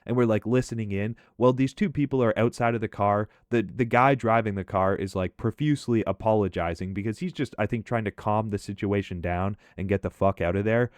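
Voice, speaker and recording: A man telling a profane, animated story in a casual commentary over gameplay. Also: lowish voice, a little fast, few pauses, no echo, studio quality.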